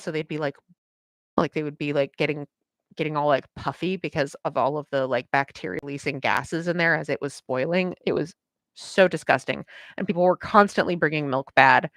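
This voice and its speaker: A woman's voice: sits low, moderate pace, fairly bright tone, dry recording. A woman comic artist chatting casually while she draws on a livestream, rambling through a story with lots of filler words and frequent laughter. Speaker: comic artist streaming her work.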